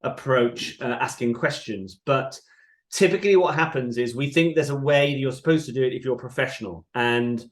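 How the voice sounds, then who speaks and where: A man's voice: mid-range voice, moderate pace. Man guesting on a podcast, middle voice, reflective and chatty. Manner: reflective, sometimes mimics voices while making a point. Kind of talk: casual podcast interview.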